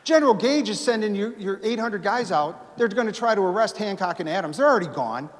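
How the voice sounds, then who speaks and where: A man acting out a defiant colonial rider who boldly taunts his captors, speaking loudly in a reverberant hall. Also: a little high, lively intonation, normal speed, natural voice. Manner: bold, boastful, raised voice.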